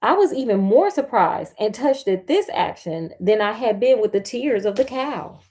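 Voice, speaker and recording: A woman storyteller with a fairly high voice reads an old fairy tale aloud. Between passages she drops into sassy, slangy remarks and jokes, playful and chatty. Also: expressive, moderate pace, a little mellow.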